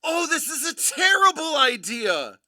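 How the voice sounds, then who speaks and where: A live stream host giving excitable commentary, giddy and prone to laughing and shouting in bursts. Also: high voice, a little slow, no echo, studio quality.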